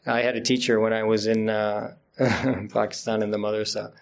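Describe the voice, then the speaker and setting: A man's voice: lowish voice, level tone, normal speed, vocal fry. A middle-aged man giving an informal Friday sermon as an imam, chatty and laughing often at himself. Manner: chatty, laughs often, self-deprecating asides.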